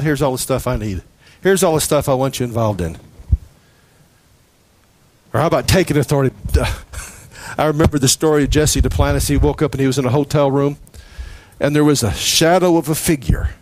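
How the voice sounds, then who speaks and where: A man preaching a sermon, telling stories with laughs and acting out prayers in a lively way. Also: on the high side, no room sound. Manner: animated storytelling with laughs and acted-out prayers.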